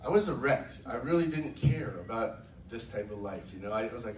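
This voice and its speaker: Upbeat male storyteller, mid-pitched, distant mic, roomy sound, faint hum behind. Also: animated, brisk. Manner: enthusiastic, storytelling, acts out quotes. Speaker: network marketing distributor. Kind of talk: casual testimonial talk to a group. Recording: echoey room, mic from far off.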